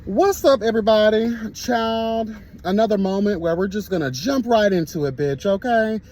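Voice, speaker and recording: A man's voice: sits high, normal speed, darkish tone, rough recording. A man delivering a sassy, flamboyant commentary rant as an online reviewer, dramatic and full of cussing and catchphrases, a little sweaty from the gym.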